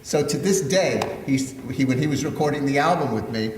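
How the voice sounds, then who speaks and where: A man's voice: medium pitch, lively intonation, normal speed, far from the mic. A man, a composer-lyricist guest at a post-show Q&A, telling anecdotes in a wry, joking manner. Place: theater auditorium. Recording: echoey hall with background noise.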